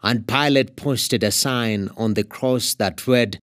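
A man from Kenya with a Kenyan English accent, reading scripture aloud as narrator in a steady, expressive way. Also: medium pitch, takes it slowly, few pauses, no echo, studio quality.

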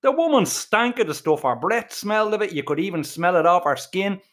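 Lively, swearing Irish storyteller man. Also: high voice, a little fast. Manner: crude, profane, colourful swearing. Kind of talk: comic storytelling narration.

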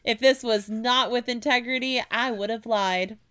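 A woman's voice: on the high side, fairly even intonation, a bit bright. A woman hosting a podcast, bantering in a playful, teasing way with her co-host. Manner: playful, teasing, quick to laugh.

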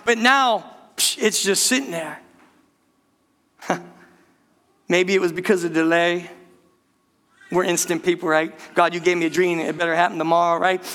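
Male pastor, high voice, animated direct-address preaching in an echoing sanctuary. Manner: energetic, conversational preaching with direct address to the church. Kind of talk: sermon. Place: church sanctuary.

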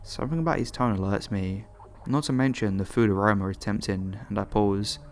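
A man narrating true horror stories as a steady, measured first-person reading. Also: on the low side, slight background noise. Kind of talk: scripted horror story narration.

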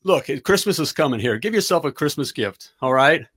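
A middle-aged man hosting a livestream as a business coach, giving an energetic pep talk and checking in with "all right?" again and again. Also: on the high side, brisk, husky.

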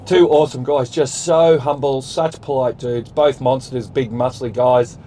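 A man's voice: medium pitch, steady tone, unhurried, dark tone, slight background noise, rough recording. A man with an Australian accent, co-hosting a podcast in casual chat, talking in an earnest, reflective way. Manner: earnest, reflective, praises at length. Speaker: podcast co-host.

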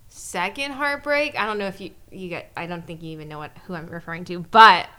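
A woman's voice: on the low side, a little fast, bright, forceful tone. A woman co-hosting a casual podcast chat, speaking hesitantly and often trailing off. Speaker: podcast co-host.

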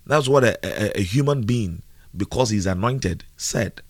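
A man preaching a live radio sermon, slow and earnest, repeating key phrases. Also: fairly low pitch, expressive, no room sound.

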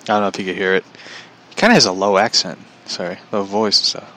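A man's voice: deep voice, fairly even intonation, fast talker, bright, forceful tone. A young man chatting casually on a livestream, rambling, often chuckling and reading out viewer comments. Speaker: vlogger.

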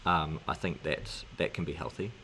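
A man's voice: rumbling low, moderate pace, sharp tone, a little hiss or hum. A man co-hosting a casual faith discussion, earnest and agreeable, often saying yeah and restarting his phrases. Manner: earnest, agreeable, many fillers.

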